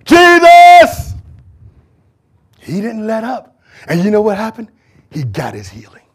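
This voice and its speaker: A man preaching a sermon in church, emphatic and full of rhetorical questions, swinging from shouts to hushed asides. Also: sits high, big pitch swings, moderate pace, gravelly, slightly rough.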